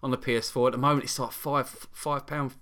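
A man's voice: mid-range voice, steady tone, fast, sharp tone, clean tone. A man from Britain co-hosting a casual chat, teasing and rambling as he retells a TV plot. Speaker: podcast co-host. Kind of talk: casual chat, recapping a TV show.

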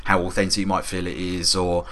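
A man's voice: low voice, completely flat delivery, brisk, a bit bright. A man co-hosting a casual film review podcast, rambling and joking, with the odd swear word. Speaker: podcast co-host.

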